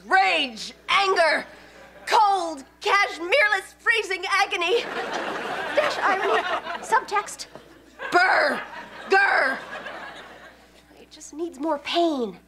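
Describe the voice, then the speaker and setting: Brief: self-absorbed teen artist, high and swooping, slow and drawn out, hissy track. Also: female voice, heavily acted. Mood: melodramatic. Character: melodramatic self-absorbed teenage girl artist.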